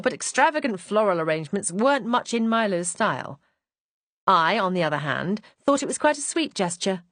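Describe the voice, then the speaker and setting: A woman's voice: fairly low pitch, no echo. A woman reading a mystery audiobook in poised, first-person narration.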